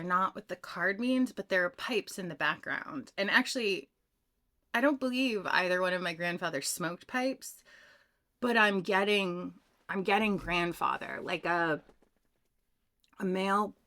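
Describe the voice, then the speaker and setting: A woman doing a pick-a-card tarot reading, talking casually and telling a story from her own life. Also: fairly low pitch. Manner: chatty, animated, tells personal stories. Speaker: tarot reader.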